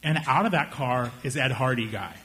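A young man doing stand-up, telling a story in an animated way and slipping into the voices of the people in it. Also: medium pitch, normal speed. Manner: animated, acts out voices of friends and strangers. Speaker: stand-up comedian.

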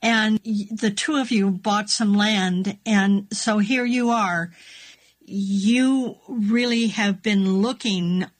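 A woman hosting a radio interview, asking gentle questions. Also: mid-range voice, slow. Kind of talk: interviewing a guest.

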